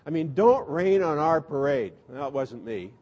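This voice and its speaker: A high-voiced man preaches to his congregation and tells the story with humor. He acts out the people in it as he goes. The recording is dull and lo-fi. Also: sing-song, normal speed, a little mellow, breathy edge, in a large hall. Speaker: Lutheran pastor. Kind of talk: sermon.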